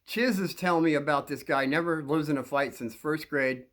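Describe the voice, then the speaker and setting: A man's voice: on the high side, normal speed, fairly bright tone. A man telling a long story from his school days to young listeners, rambling with frequent restarts and repeated words.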